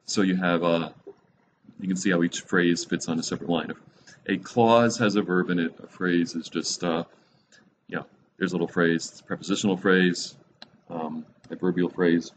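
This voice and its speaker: A man teaching a Bible study class in a classroom, relaxed and rambling, with many fillers and restarts. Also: sits low, moderate pace. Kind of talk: classroom lecture. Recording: dull lo-fi recording with faint noise.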